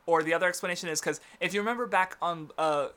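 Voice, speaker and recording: Rambling young man, bright voice. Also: high-pitched, fast. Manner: rambling, many fillers and restarts, laughs often. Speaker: podcast co-host. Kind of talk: casual chat.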